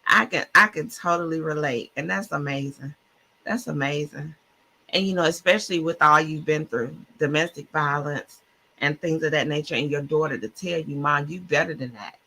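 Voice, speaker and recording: A woman's voice: low-pitched, normal speed, bright, forceful tone, a little hiss or hum. A woman guest co-author on a faith-filled podcast, talking with passion, sometimes stumbling over words and admitting she stutters. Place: Clubhouse-style online audio room.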